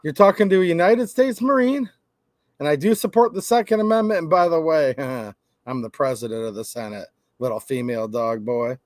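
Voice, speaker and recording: A brash, commanding politician barks orders and needles his rivals, as a man puts him on. The voice sits fairly high and sounds dry and close. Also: normal speed, dry recording, natural voice. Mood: taunting. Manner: bossy, taunting.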